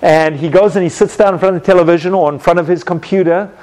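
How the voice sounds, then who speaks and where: Guy teaching a bible class, bit high voice, acts out little scenes, asks the room questions. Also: quick pace. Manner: animated storytelling, acts out scenes with sound effects.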